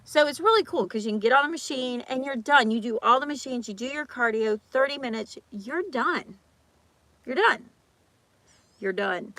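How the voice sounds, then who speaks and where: A woman's voice: a little high, a bit bright, no room sound. A woman vlogger in casual chat, ranting animatedly with lots of repeats and acted-out quotes. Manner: talks fast with restarts and repeats.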